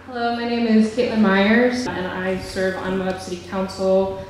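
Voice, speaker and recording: Woman council member, low flat delivery, measured, distant hall mic. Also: noisy background. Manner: measured, with many fillers. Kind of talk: public hearing statement. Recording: echoey hall, voice from far off.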